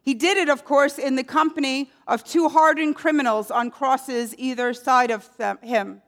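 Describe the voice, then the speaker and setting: A woman preaching a sermon, telling a story slowly and letting key words fall low and quiet. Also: steady tone.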